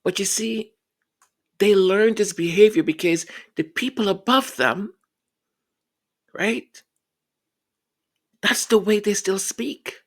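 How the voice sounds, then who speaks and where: A man's voice: high-pitched, slow, long pauses. A man giving earnest, reflective commentary. He often repeats words as he searches for them and acts out the voices he quotes.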